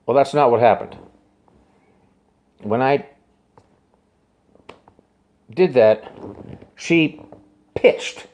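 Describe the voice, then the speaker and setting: A man telling a personal story to camera in a rambling, halting way, repeating himself and swinging from hushed asides to urgent, raised bursts. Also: mid-range voice.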